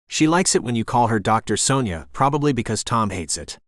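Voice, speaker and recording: A man's voice: medium pitch, lively intonation, a little fast, fairly bright tone, no echo, clean studio sound, close to an everyday voice. A man doing a cheerful, chatty small-town man.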